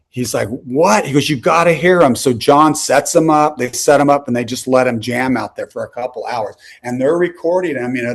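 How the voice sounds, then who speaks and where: Older rock singer telling stories over a call. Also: male voice, mid-range voice. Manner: rambling, full of "you know" and "like". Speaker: rock singer, interview guest. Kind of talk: casual storytelling. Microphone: video call.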